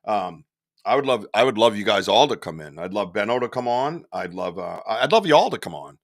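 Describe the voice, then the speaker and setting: A man's voice: lowish voice, brisk. A man co-hosting a podcast in casual chat, telling stories animatedly and swearing freely. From northern US. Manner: animated storyteller, swears freely, loud outbursts. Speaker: podcast co-host.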